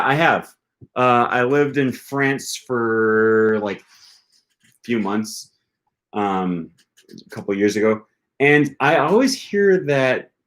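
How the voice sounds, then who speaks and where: A man hosting a language-learning livestream, answering viewer questions in a casual, rambling way with lots of hesitant filler words. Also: mid-range voice. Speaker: language-learning channel host.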